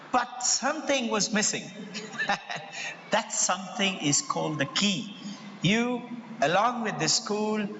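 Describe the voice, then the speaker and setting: Middle-aged indian guy, school head talking to parents, high bright voice, lots of hall echo. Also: muffled recording, a little hiss or hum. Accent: Indian English. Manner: animated storyteller, acts out quoted voices. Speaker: school president addressing parents. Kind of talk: motivational talk with personal stories. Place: large hall before an audience. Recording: echoey hall, faint ambience.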